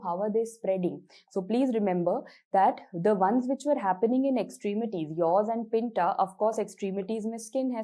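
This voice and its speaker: Young Indian woman, medical tutor, mid-pitched, mellow voice, Hindi-English mix. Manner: explanatory, repeats points, mixes in Hindi words. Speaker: medical lecturer. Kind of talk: lecture with mnemonics.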